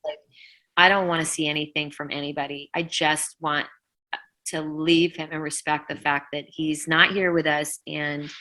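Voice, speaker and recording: A woman's voice: low voice, little pitch movement, normal speed, sharp tone, low-quality recording. A middle-aged woman, a rock singer, telling an emotional story in an interview and acting out what people said. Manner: vivid retelling, acting out quotes, many "like"s. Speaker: rock vocalist, interview guest.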